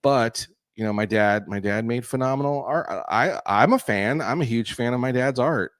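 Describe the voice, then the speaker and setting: A man's voice: medium pitch, moderate pace, no echo. A man from California co-hosting a podcast in casual chat, rambling and self-correcting, with a slight crackle in his voice. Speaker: podcast co-host and artist.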